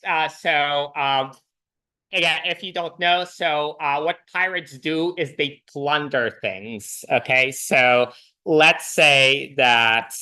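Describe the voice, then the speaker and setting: A man's voice: a little high, clear, resonant tone. A man lecturing a university programming class, talking loosely with many "uh"s and restarts. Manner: relaxed, many fillers and restarts. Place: lecture hall.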